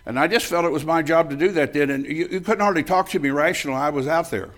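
An older man in his seventies delivers a sermon from a church, slipping into a personal story. His voice sits a little high for a man, and he talks in a folksy, emphatic way, often breaking into laughter. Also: fast, a bit bright. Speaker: preacher.

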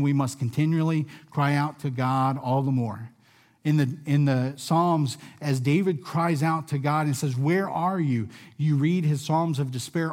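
A man preaching a sermon in a room with listeners, earnest and measured, often dropping softly at the ends of phrases. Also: on the high side. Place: room with a gathered audience.

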